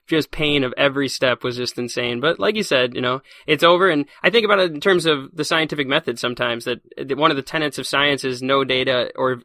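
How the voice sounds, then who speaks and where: A man telling stories in a casual podcast interview as a guest, animated and laughing often. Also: medium pitch, no echo, clean studio sound. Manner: fast, animated storyteller who laughs often. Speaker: podcast guest, science teacher.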